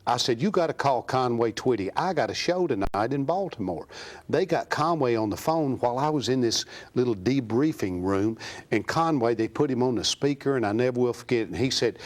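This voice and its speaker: A man's voice: mid-range voice, normal speed. Folksy man telling a story. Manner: folksy, animated anecdotes. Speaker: country singer, guest. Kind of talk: casual storytelling. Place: TV studio.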